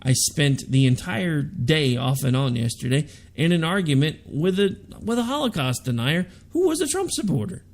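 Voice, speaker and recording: A man hosting a political talk radio show, delivering a sarcastic, ranting monologue. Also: high voice.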